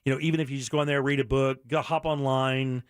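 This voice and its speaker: A man's voice: mid-range voice, little pitch movement, fast talker, smooth, dry recording, clean studio sound. A middle-aged man hosting a radio show, talking earnestly and bluntly with many restarts. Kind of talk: candid talk radio monologue.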